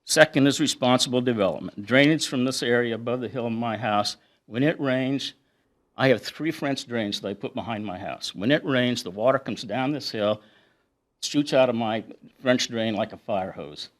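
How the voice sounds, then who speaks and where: A man's voice: mid-range voice, normal speed. Middle-aged man, resident speaking at council podium; earnest, methodical, quotes the plan. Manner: earnest, lists points and reads quotes aloud. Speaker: resident giving public comment. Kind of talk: prepared public comment at a council meeting. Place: council meeting room.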